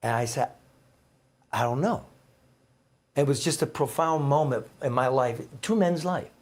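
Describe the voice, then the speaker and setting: A middle-aged man, a former newspaper reporter appearing as a guest, tells heartfelt stories in a rambling, emphatic, conversational way. His voice is medium-pitched and a little mellow, at normal speed.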